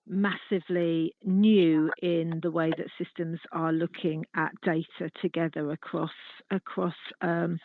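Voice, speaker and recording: A woman's voice: lowish voice, no echo. Woman in a committee meeting, earnest, lots of restarts, sounds like a phone line, dry. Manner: earnest, thinks aloud with many restarts. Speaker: committee member. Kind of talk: meeting discussion.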